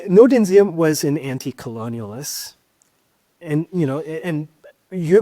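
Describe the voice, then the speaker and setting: A man's voice: a little high, dark tone, dry recording. A man co-hosting a podcast who explains history in an emphatic, lecturing way, often stopping to stress key points. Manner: lecturing, emphatic, with frequent "keep in mind" asides. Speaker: podcast co-host.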